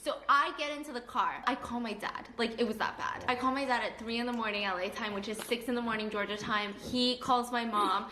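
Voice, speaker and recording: A woman telling a personal story in casual, animated talk, acting out the people in it. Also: fairly high pitch, slight background noise. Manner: animated and fast, acting out her parents and a police officer. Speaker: storyteller in a played clip. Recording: echoey room.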